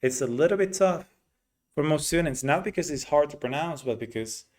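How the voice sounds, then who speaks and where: A man teaching an English pronunciation lesson, explaining slowly and demonstrating vowel sounds by repeating them. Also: on the high side, expressive, a little mellow.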